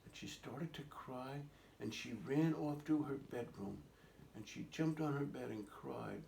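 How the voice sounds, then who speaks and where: Gravelly man telling a child a story. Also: medium pitch, unhurried. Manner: gentle, coaxing, asks the listener questions. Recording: roomy echoing recording, faint noise.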